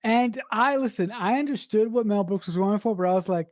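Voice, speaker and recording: A man's voice: high voice, a little fast, a little mellow, no echo, clean studio sound. A man co-hosting a podcast in casual film review chat, emphatic and repeating his words. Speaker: podcast co-host.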